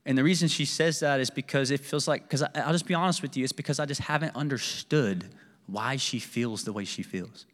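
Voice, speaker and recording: A man's voice: mid-range voice, a little fast, fairly bright tone, in a large hall. A man preaching a sermon as pastor, candid and self-deprecating in a conversational way. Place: church sanctuary.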